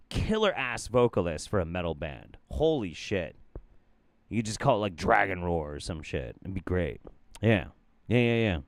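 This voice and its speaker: A male host gives comedic commentary on clips, swearing often and playing up every reaction. His pitch swings widely, and his voice is recorded dry and close. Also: no echo. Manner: profane, playful, exaggerated.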